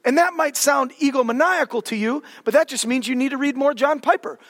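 High-voiced preacher in an echoing hall. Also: male voice, a little fast. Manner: animated, jokey, dramatic shifts in volume. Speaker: pastor. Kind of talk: sermon.

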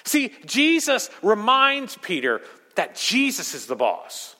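A man preaching a sermon as pastor, emphatic, swinging between loud rising peaks and quiet low asides. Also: huge pitch swings, takes it slowly. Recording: long hall reverb.

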